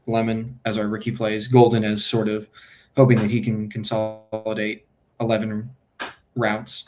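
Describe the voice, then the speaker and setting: A man with a fairly low voice talks through his picks as a streamer. His delivery is casual and unscripted. He second-guesses himself, trails off and corrects himself mid-sentence. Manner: muses aloud, hesitant and self-correcting. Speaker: fantasy football streamer. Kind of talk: casual think-aloud draft commentary.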